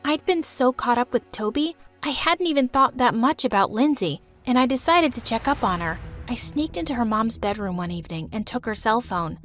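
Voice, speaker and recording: Young woman telling a dramatic cartoon story in first person, high voice, faint music under it. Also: animated, fairly bright tone. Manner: emotional, quick shifts to outbursts. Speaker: narrator and lead teen girl.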